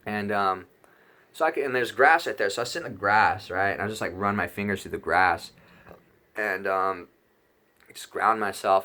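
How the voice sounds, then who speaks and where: A young man telling a rambling personal story in a casual vlog, excitable and full of swearing and fillers. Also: on the low side. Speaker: YouTuber telling a trip story.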